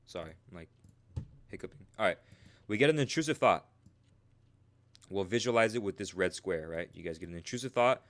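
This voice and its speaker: Low-voiced man teaching on a live stream. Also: animated, brisk, pauses often, a bit bright. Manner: tags nearly every sentence with "right?"; slangy and talkative, answers chat. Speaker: trading coach streaming live. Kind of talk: casual livestream teaching.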